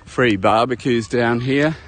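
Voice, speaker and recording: A man's voice: mid-range voice, takes it slowly. Chatty man on a beach walk. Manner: chatty, rambling, addresses viewers as folks. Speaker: travel vlogger. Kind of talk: casual walking tour commentary. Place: outdoors at a beach park. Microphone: handheld camera while walking.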